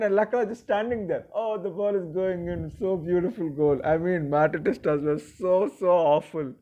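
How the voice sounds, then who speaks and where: A man giving a casual, opinionated review of a football match, excitable and mocking toward rivals. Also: medium pitch, lo-fi sound. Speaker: football vlogger.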